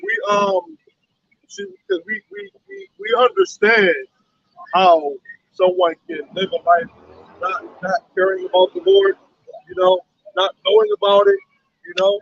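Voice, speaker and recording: A man's voice: extremely high pitch, wildly swooping pitch, a little slow, gravelly, fairly bright tone. A man in a casual group conversation, speaking earnestly and repeating words. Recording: dull lo-fi audio.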